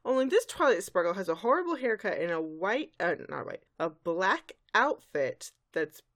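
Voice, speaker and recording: A woman co-hosting a casual podcast, retelling a cartoon episode and jumping into high voices for the characters. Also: very animated, normal speed, a bit bright. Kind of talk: casual chat.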